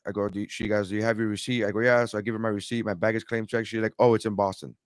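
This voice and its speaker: A man's voice: on the low side, little pitch movement, very fast, slight background noise. A man co-hosting a podcast, telling a long, rambling travel story with many restarts. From immigrant to America. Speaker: podcast co-host. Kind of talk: casual storytelling chat.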